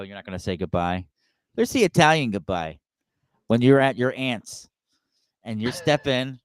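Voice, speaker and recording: A man's voice: medium pitch, smooth, no echo. A man co-hosting a podcast who talks casually, laughs often and acts out the voices of people he quotes. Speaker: podcast co-host. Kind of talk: casual chat.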